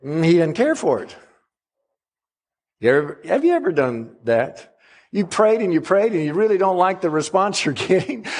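A male pastor with a high, husky voice preaches a sermon, using dramatic pauses and drawing out key phrases for emphasis.

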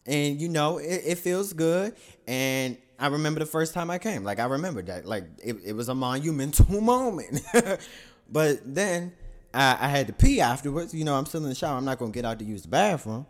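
A man's voice: a little high, lively intonation, a little fast. A man telling a crude, candid confessional story to his listeners, rambling through self-corrections and laughing at himself.

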